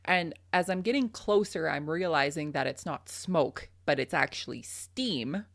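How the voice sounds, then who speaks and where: This woman's voice sits low, with a gravelly texture. She chats casually, laughing often and filling pauses with "um." The sound is close and dry. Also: dry recording. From Canada. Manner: animated, laughs often, many fillers. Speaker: podcast guest. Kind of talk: casual storytelling chat.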